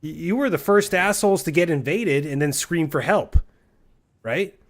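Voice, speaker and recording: A man's voice: fairly high pitch, moderate pace. A married man streaming a game, ranting in a heated, argumentative and profane way. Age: adult, married with a son.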